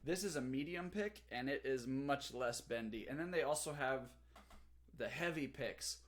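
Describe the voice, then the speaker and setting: A man's voice: medium pitch, moderate pace, a bit bright, slight background noise. A young man, a teacher, chatting casually on a livestream from home, reading the chat aloud and talking while he eats.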